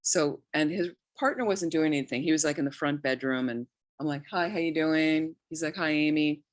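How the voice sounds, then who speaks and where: Low-voiced woman giving a talk. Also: a little fast, no echo. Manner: conversational, anecdotal, many restarts and quoted asides. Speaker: Buddhist nun teaching. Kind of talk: informal dharma talk.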